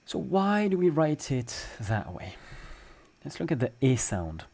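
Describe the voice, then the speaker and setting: A man's voice: medium pitch, very animated, a little slow, vocal fry, darkish tone. A man with a French accent, a French teacher giving a casual spoken lesson, joking as he explains and drawing out example sounds. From France.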